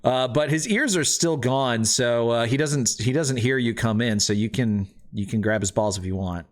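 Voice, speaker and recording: A young man runs a tabletop game, describing scenes in an easygoing way. He keeps breaking into laughter as he narrates, and the mood stays loose and joking. His voice sits at an ordinary middle pitch. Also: normal speed. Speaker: game master.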